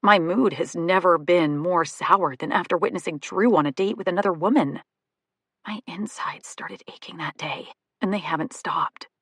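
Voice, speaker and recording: A woman reads a first-person romantic comedy audiobook with lively comic expression in the dialogue. Her voice is low and husky, and the recording is dry and close. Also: moderate pace, no echo. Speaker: audiobook narrator.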